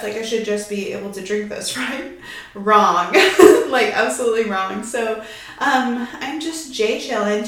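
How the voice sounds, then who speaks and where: A young woman hosts her lifestyle podcast with a mid-range voice drenched in heavy reverb. Her casual chat is bubbly and talkative, punctuated by frequent laughter, and she sounds a little breathless.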